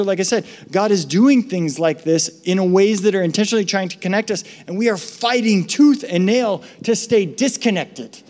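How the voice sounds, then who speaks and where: A man preaching a sermon as pastor, animated, acting out the voices he quotes. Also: sits high. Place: church hall. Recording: long reverb of a large hall.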